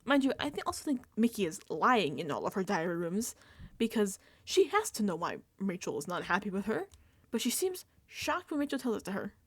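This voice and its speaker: A woman's voice: medium pitch, sing-song, brisk, husky. A woman hosting a casual reality TV recap, talking animatedly, laughing often and acting out quoted lines.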